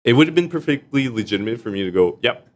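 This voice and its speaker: A man's voice: mid-range voice, expressive, rapid-fire. A young man, a guest on a podcast, telling stories casually and laughing often as he talks. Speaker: arts executive director and stage actor, podcast guest. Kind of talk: casual storytelling in a podcast chat.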